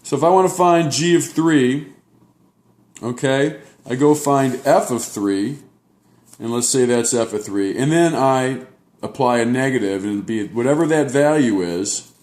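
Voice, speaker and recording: A man's voice: medium pitch, unhurried, a little mellow. Guy teaching math at the board, goes step by step, lots of "okay?", echoey classroom sound. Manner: explains step by step, checking in with "okay?". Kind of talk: classroom lecture at a whiteboard.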